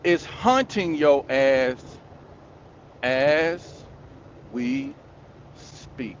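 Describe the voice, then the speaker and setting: A man rants at his listeners in a slow, drawn-out, preachy way. He scolds them and hammers his points home through repetition. A faint hum of noise sits under the recording. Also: fairly high pitch, big pitch swings, dull audio. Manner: preachy, scolding, repetitive, addresses the audience directly. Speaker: commentary channel host. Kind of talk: ranting monologue commentary.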